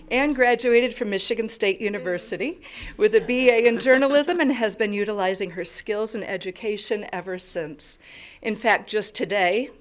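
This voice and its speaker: An American woman presenting a lifetime achievement award at a ceremony, friendly and coaxing in her manner. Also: mid-range voice. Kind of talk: ceremony speech.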